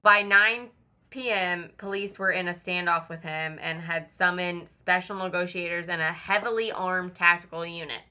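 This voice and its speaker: A woman's voice: lowish voice, fairly even intonation, moderate pace, pushed and bright. A woman casually telling a true crime story on a podcast, chatty, swearing often and saying "like" a lot.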